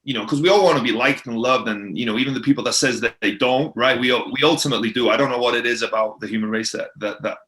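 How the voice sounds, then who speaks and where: A man's voice: medium pitch, fast, hardly any pauses, a bit bright. A man from the UK with a British accent, giving reflective answers in an interview and repeating words as he thinks. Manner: reflective, hesitant repetitions. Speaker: guest.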